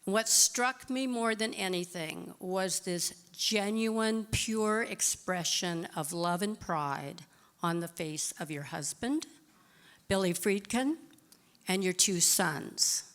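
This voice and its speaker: Interviewer, female, lowish voice, slow and earnest delivery. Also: expressive, a bit bright. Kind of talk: prepared interview question.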